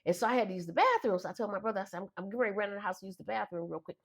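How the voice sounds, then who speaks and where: Animated and rapid-fire, a middle-aged woman's medium-pitched, slightly rough voice carries an emotional childhood recollection. She voices the different characters herself while telling this personal story.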